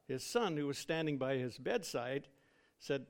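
A man's voice: fairly high pitch, lively intonation, moderate pace. A man preaching a sermon in a solemn, dramatic way, drawing out words for emphasis.

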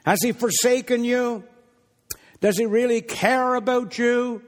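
Jeering taunting mockers, high strained voice, ringing hall echo, as a preacher puts them on. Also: male voice, steady tone, measured pace. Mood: mocking. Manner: high, loud, sneering taunts. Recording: long hall reverb.

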